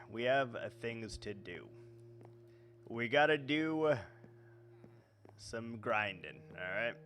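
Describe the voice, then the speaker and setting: A man's voice: medium pitch, fairly bright tone, slight background noise. A man hosting a let's play in casual gameplay commentary, rambling and correcting himself with many fillers.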